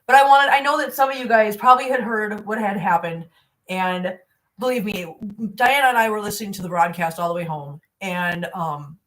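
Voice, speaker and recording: A woman around sixty, chatting on a live stream from her home in a rambling, heartfelt way, and cooing baby talk at her cats. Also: lowish voice. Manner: rambling, heartfelt, repeats herself. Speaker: cat-channel host. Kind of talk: casual live-stream chat.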